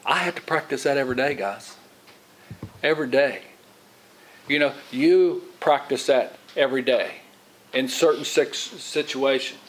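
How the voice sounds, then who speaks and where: A man's voice: medium pitch, a little slow, poor audio. A middle-aged man giving an informal Bible teaching in a rambling way, with restarts and repeated words, often acting out what other people say. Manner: rambling, repeats and restarts, acts out quoted voices. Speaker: lay preacher, Bible teacher. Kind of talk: informal sermon.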